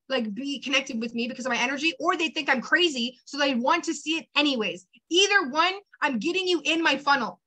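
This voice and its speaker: A young woman with a high, bright voice gives a motivational training to her team. She talks in an energetic, chatty way, full of fillers and quick asides, and she rallies her listeners directly. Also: low-quality recording.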